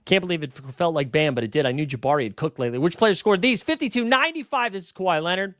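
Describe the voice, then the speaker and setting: A man's voice: a little high, expressive, racing, fairly bright tone, no echo, clean studio sound. A man hosting a fantasy basketball livestream, chatting casually and rattling off player names and numbers. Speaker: fantasy basketball show host.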